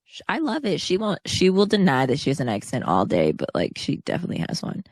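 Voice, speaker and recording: A woman's voice: sits low, huge pitch swings, quick pace, dry recording, studio quality. A woman co-hosting a podcast in casual chat, rambling and hedging with many fillers. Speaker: podcast co-host.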